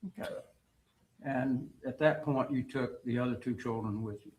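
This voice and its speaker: A male attorney questioning a witness in court in a measured, formal way. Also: medium pitch, steady tone, darkish tone, poor audio.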